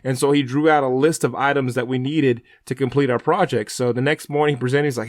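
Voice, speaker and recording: A man co-hosting a faith broadcast, telling a story in an earnest, rambling way. His voice sits at an ordinary middle pitch. The sound is dry and close, with no room echo. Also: steady tone, fast, few pauses. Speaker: radio show co-host.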